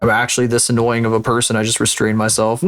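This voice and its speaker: A man's voice: mid-range voice, completely flat delivery, fairly quick, a bit bright, soft background music. A man streaming live, chatting casually and rambling with lots of swearing and self-mocking jokes while he works.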